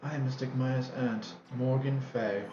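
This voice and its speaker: A man's voice: medium pitch, fairly even intonation, unhurried, reverberant, dull audio, noisy background, lightly acted. A man voicing a haughty, formal older woman who speaks in a prim, old-fashioned way while reading a game's dialogue on stream. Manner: prim, archaic, overly polite.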